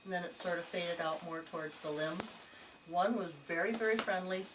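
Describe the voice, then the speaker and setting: A woman telling a chatty, animated story indoors in an old jail, laughing easily. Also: fairly low pitch, normal speed. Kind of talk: casual storytelling to investigators. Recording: echoey, distant, noisy camcorder audio.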